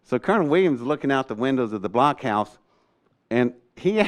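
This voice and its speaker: An older man telling a story in a lively way. He laughs often and acts out what other people said. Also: medium pitch, brisk. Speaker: speaker recounting a rocket test. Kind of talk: animated storytelling talk.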